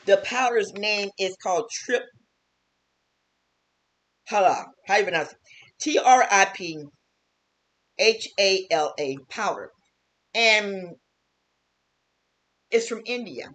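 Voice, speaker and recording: A woman's voice: medium pitch, lively intonation, slow pace, long pauses, fairly bright tone. Earnest woman vlogging from her kitchen. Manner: earnest, repetitive, testimonial. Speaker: health vlogger and teacher. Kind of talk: casual home wellness vlog. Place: home kitchen.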